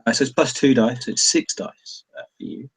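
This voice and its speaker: A man's voice: medium pitch, steady tone, fairly quick, slightly rough. A man narrating as game master, rambling and hesitant with many fillers.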